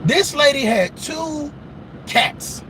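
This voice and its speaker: A man's voice: extremely high pitch, lively intonation, takes it slowly, background noise. A man giving dating advice in a casual, profane storytelling monologue, laughing at his own stories.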